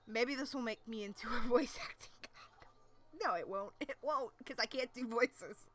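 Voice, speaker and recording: A woman's voice: a little high, moderate pace, a bit bright. A woman reading a webcomic aloud on a live stream, with casual, self-deprecating asides and stumbling over words.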